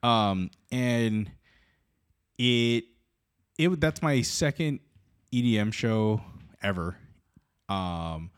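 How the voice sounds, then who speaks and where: A man co-hosting a casual podcast chat, reacting in a relaxed, laid-back way. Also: on the low side, extremely slow, long pauses, smooth. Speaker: podcast co-host.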